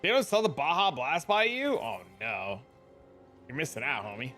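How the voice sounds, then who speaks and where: A young man in his twenties chats with his stream audience in a slightly high, bright, forward voice. He swears constantly and leans on dude and bro while spinning excitable stories, with faint music under him. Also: normal speed. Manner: loose and heavily profane, peppered with dude and bro; excitable storyteller. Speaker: livestream host. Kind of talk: casual livestream chat with viewers.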